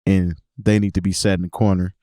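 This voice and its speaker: A man's voice: sits low, flat delivery, fairly quick, warm tone, dry recording, clean studio sound. A man co-hosting a hip hop podcast, giving mock-stern, opinionated rants in casual chat. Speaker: podcast co-host.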